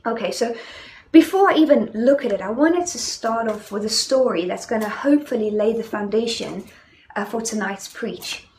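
A woman's voice: on the high side, normal speed, a little mellow, slight background noise. A young woman with a South African accent preaching a sermon in a conversational, storytelling way, with many fillers.

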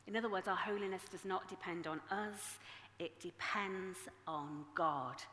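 Lady in her 40s preaching, bright lively voice, big echoey church hall. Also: fairly low pitch, unhurried. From Yorkshire, England. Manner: animated, self-mocking storytelling. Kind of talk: sermon. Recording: echoey hall with long reverb.

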